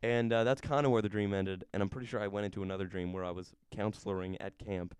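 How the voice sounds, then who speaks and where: Young male co-host, low smooth voice, rambling self-amused storyteller. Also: steady tone, fast talker, darkish tone, no room sound, clean studio sound. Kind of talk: casual chat.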